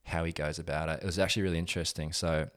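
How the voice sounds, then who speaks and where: A young man who coaches strength training, chatting casually in an interview, relaxed and rambling with many fillers. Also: sits low, rapid-fire, dry recording, studio quality. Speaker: gym owner and strength coach.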